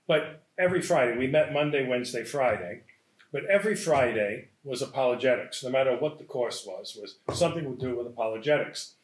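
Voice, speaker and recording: Priest lecturing in a roomy hall, mid-pitched voice, chatty, keeps asking "right?". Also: male voice. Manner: conversational, checks in with "right?" and "huh?". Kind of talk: lecture with anecdotes.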